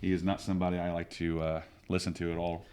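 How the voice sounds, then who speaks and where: A man's voice: deep voice, fast, smooth. A man co-hosting a podcast, talking casually and with lots of opinions, often restarting his sentences. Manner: rambling, opinionated, animated with frequent restarts. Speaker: podcast co-host. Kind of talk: casual chat.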